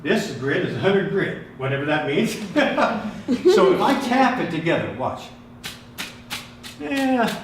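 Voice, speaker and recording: A slightly high-voiced man runs a hands-on drum lesson, his pitch rising and falling a lot as he encourages the group. He sounds far from the mic. The room is echoey and there is steady background noise. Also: takes it slowly. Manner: encouraging, asks the group questions, repeats praise. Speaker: drum workshop leader.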